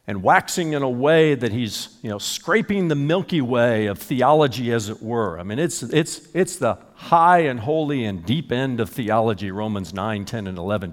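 A man's voice: medium pitch, big-room sound. A middle-aged man preaching a sermon as a pastor. He asks rhetorical questions and chuckles as he talks.

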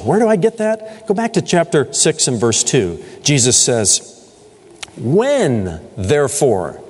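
A man's voice: mid-range voice, a little mellow, breathy edge. A middle-aged man preaching a sermon as pastor, emphatic and asking the congregation rhetorical questions. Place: church sanctuary. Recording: long hall reverb.

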